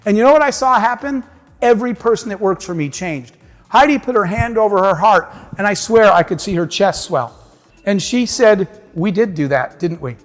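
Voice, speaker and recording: Male keynote speaker, animated storyteller, fairly high voice, reverberant conference hall. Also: moderate pace. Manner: animated storyteller acting out dialogue.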